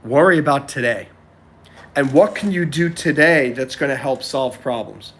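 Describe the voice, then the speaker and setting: A man's voice: medium pitch, normal speed, fairly bright tone. Earnest man in his forties, motivational talk. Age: 40s. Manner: earnest, reads and answers chat; frequently clears throat. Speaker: livestream host.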